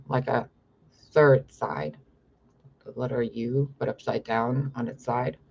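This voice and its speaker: A man's voice: mid-range voice, vocal fry, a little mellow, muffled recording, a little hiss or hum. A young man talking in a rambling, profane monologue to camera about his spiritual visions. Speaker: spiritual vlogger.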